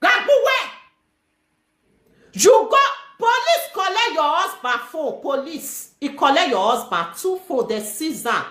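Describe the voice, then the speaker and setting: Fiery high-pitched Nigerian Pidgin woman. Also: a little slow, few pauses, reverberant. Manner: animated, scolding, shouting at times. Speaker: guest telling her story. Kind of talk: heated live-stream talk.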